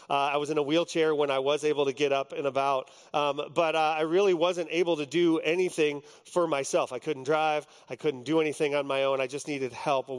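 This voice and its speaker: Higher-voiced man preaching a story. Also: smooth. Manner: storytelling, conversational with many ums. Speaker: pastor. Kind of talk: sermon. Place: on a stage before a congregation.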